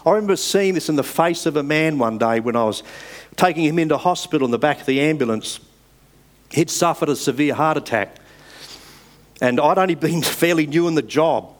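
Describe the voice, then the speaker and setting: A man delivers a sermon in a somewhat higher voice, earnest and measured. He pushes up hard on key phrases and then sinks back down to a soft, slow close. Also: lively intonation. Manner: earnest, measured, with emphatic rises and soft drops. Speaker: preacher.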